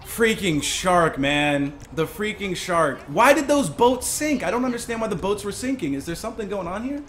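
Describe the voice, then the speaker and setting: A young man giving live gameplay commentary as a streamer, excitable, breaking into yells and laughs. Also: high voice, moderate pace. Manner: excitable, yelling and laughing in bursts. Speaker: gaming streamer.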